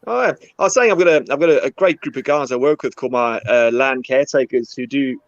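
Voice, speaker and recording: A man joining a casual online chat as a guest, quick and eager, talking over a video call. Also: mid-range voice, no echo. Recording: dull, dry video-call audio.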